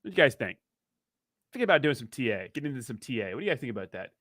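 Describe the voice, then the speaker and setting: A man's voice: medium pitch, big pitch swings, rapid-fire, a bit bright, no echo, studio quality. A man hosting a casual crypto livestream, rambling and joking as he reads viewer comments aloud.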